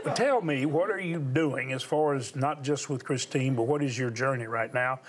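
A man from Texas hosting a TV talk show, asking questions in a relaxed, joking way. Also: medium pitch, moderate pace, very noisy. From Texas, USA.

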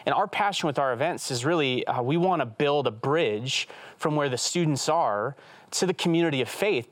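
A man's voice: mid-range voice, no room sound. Earnest man in a dry studio. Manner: earnest, fast, says "right?" often. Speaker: evangelist guest. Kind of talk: animated storytelling interview talk.

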